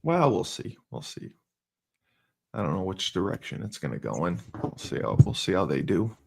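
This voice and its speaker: A man's voice: low-pitched, huge pitch swings, normal speed, creaky, husky. A man, a football coach hosting a casual podcast chat, talking in a rambling, teasing way with many fillers.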